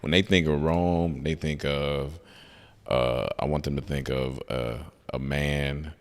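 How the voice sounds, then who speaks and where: A young man chatting casually on a podcast as a guest, telling an animated story and acting out the voices of the people in it. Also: very deep voice, slow, clear, resonant tone. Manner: animated storyteller who acts out quoted voices.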